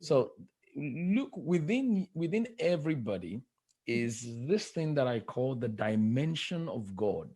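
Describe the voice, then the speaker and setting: A man, a life coach and preacher, telling his story as a podcast guest in an emphatic style, repeating key phrases slowly for effect. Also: mid-range voice, sing-song, dark tone, breathy edge.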